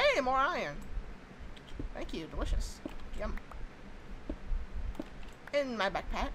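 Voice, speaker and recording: A woman's voice: mid-range voice, noisy background. A young woman chatting and exclaiming casually through her own game commentary, swearing now and then when annoyed. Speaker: gaming YouTuber. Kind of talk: casual let's-play commentary.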